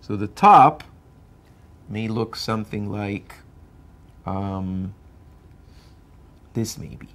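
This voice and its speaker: A man's voice: on the low side, extremely slow, pauses often, a bit bright, slight background noise. A man giving a university math lecture, explaining step by step as he draws and often checking that students follow. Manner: explains step by step while drawing.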